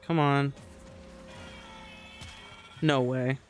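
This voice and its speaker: A man's voice: mid-range voice, fairly even intonation, extremely slow, soft background music. Angry young man swearing over a game. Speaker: gamer streamer. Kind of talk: casual gameplay rant.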